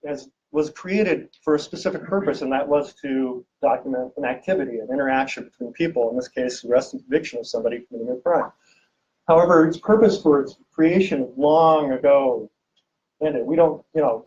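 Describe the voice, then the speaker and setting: A man giving a lively public lecture as an archivist, joking and quizzing his audience with questions. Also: on the high side. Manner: jokey, teasing, quizzes the audience. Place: event room with a live audience. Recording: distant, dull lo-fi room recording.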